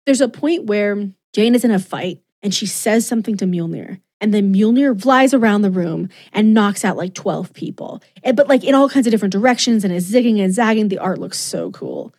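A woman's voice: mid-range voice, very animated, a little fast, hardly any pauses, darkish tone. A woman co-hosting a podcast in casual chat, gushing and emotional, acting out quotes as she goes. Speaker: podcast co-host.

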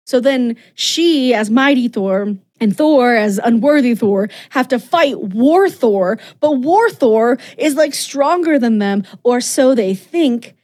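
A woman's voice: fairly high pitch, animated, takes it slowly, few pauses, a little mellow. A woman co-hosting a podcast, retelling a story in casual, enthusiastic chat full of fillers. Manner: enthusiastic, gushing, chatty with many fillers.

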